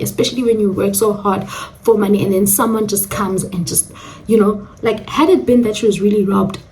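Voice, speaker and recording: A young South African woman telling a storytime vlog, animated and dramatic, slipping into local slang. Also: mid-range voice, far from the mic, slight background noise. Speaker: storyteller vlogger. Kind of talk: casual storytime monologue.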